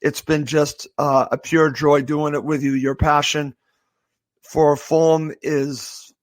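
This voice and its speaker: An emotional man from the area, wrapping up his long-running podcast. His voice sits a little high and the sound is close and dry. He talks haltingly, stops and restarts, and says thank you over and over. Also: flat delivery, dry recording. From Boston area, USA. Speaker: podcast host. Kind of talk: heartfelt farewell monologue.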